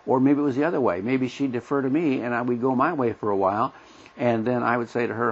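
Gravelly folksy man teaching the Bible. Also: mid-range voice, steady tone, quick pace. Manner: folksy, plain-spoken, acts out everyday dialogue. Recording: dull lo-fi recording.

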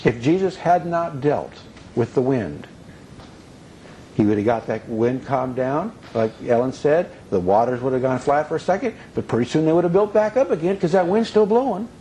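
A man's voice: medium pitch, expressive, moderate pace, mellow, slight background noise, low-quality recording. A man teaching a conversational sermon in a folksy way, full of asides. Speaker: Bible teacher.

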